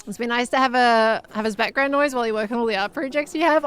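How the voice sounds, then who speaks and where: A woman's voice: a little high, fast talker, few pauses, fairly bright tone. A young adult woman streaming a game, chatting in a rambling, giggly way as she plays. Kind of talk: rambling live gameplay chat.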